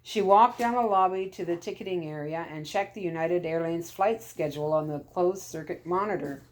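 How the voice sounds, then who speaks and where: A woman storyteller reading a children's chapter book aloud, calm and steady. Her voice sits on the low side for a woman, even and unhurried.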